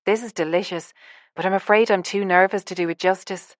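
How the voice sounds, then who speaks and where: A woman's voice: mid-range voice, steady tone, a little fast, no echo, clean studio sound, natural voice. A woman narrator voicing an earnest, slightly nervous woman in an audiobook.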